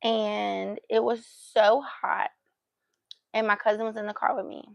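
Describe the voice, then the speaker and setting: A woman's voice: medium pitch, little pitch movement, unhurried, vocal fry, dry recording. A woman vlogger telling a story in a casual, chatty way and acting out what she said at the time. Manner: chatty, acts out her own past remarks.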